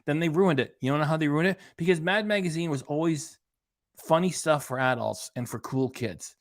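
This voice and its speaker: A man's voice: on the high side, moderate pace, no room sound, studio quality. A man hosting a reaction channel, giving sarcastic, rambling casual commentary.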